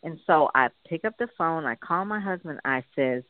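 A woman, an author and guest, sharing a faith testimony in an interview as a lively storyteller who repeats her points for emphasis. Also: deep voice, normal speed, dry recording. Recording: tinny phone line.

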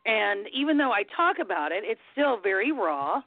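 A woman's voice: medium pitch, sing-song, normal speed, no room sound. Tearful woman on a tinny phone line. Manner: emotional, apologetic. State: crying. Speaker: podcast host. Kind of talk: casual radio chat. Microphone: phone call.

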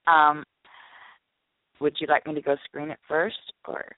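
A woman co-hosting a live call-in show, chatting in a supportive, lively way. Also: low-pitched, unhurried, no room sound. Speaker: co-host. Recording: tinny phone-line sound.

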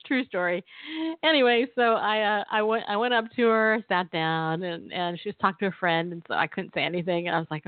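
A woman's voice: lowish voice, fairly even intonation, brisk, no room sound. A woman radio co-host telling a personal story and encouraging listeners, chatty and given to laughing and acting out quotes. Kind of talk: testimony and exhortation. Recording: tinny phone-line sound.

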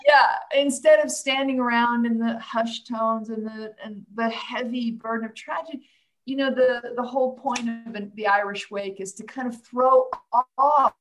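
A woman's voice: a little high, fairly even intonation, normal speed, poor audio. A woman co-host in a supportive conversation, talking with enthusiasm and rambling through restarts.

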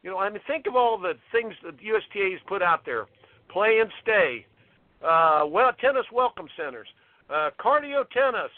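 His voice high-pitched and expressive at a moderate pace, a guest tennis coach makes his case with heated indignation, repeating himself throughout the interview. The phone line is tinny but has no echo.

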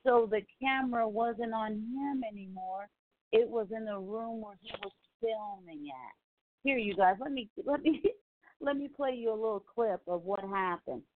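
A woman's voice: on the high side, normal speed. A woman giving casual commentary in a sassy, mocking way. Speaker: commentary vlogger. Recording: tinny phone-like sound.

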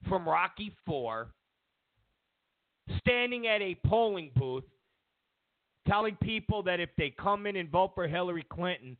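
A man delivers opinionated political commentary in a sarcastic, needling way and hammers his points by repeating them. His voice sits high and swings widely, with a gravelly fry in it. The sound is dry and thin, like a phone line. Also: dry recording. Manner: sarcastic, mocks media with exaggerated quotes; repeats himself for emphasis. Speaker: political talk show host.

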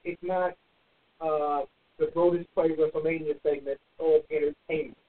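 A man's voice: fairly high pitch, flat delivery, normal speed. A man co-hosting a podcast in casual chat, agreeable and chiming in with short remarks. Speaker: podcast co-host. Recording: tinny phone-like audio.

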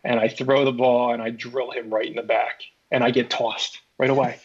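A man from Philadelphia, a former baseball pitcher, telling a story in a casual chat and acting out his own reactions. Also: level tone, moderate pace, breathy edge. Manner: acts out his own past reactions, many restarts. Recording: dull lo-fi podcast audio.

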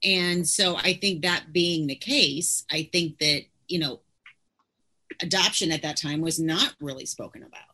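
A middle-aged woman hosts a podcast conversation, speaking in a measured, thoughtful way. Her voice sits low yet sounds bright and forward, and she pauses to pick her words. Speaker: podcast host.

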